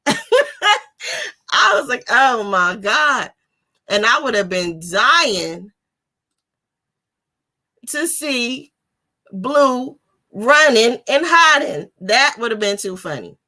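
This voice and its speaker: A woman's voice: a little high, sing-song, extremely slow, pauses often, pushed and bright. A woman hosting a live book discussion, chatting casually with slang and frequent laughter.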